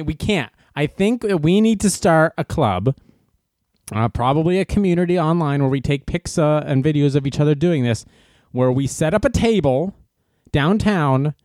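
A man giving casual opinion commentary in an animated, sarcastic way, laughing at his own jokes. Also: a little high, dry recording, studio quality. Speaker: commentary host.

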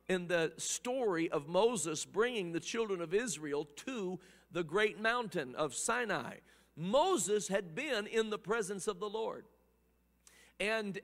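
Man, preacher, sermon, high voice, impassioned, hushed to loud, long reverb. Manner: impassioned, swings from hushed to loud, repeats words.

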